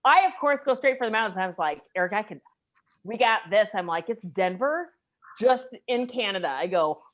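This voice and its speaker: A woman in her forties from the United States, telling a personal story in a casual group chat, animated and emotional. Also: mid-range voice, a little fast, narrow, tinny audio. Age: 40s.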